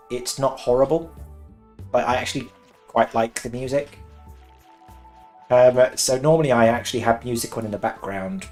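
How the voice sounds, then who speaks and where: A man from England's West Country chatting casually while streaming a game, excitable, laughing often and swearing now and then. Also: mid-range voice. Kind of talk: casual live-stream chat while gaming. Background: faint cheerful game music.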